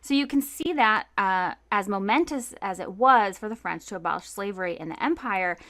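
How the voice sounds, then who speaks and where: A woman's voice: mid-range voice, expressive, normal speed, fairly bright tone, dry recording. A woman co-hosting a history podcast, reading from notes in a casual way with fillers and asides. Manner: casual, reads notes then riffs with fillers. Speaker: podcast co-host. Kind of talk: conversational history podcast narration.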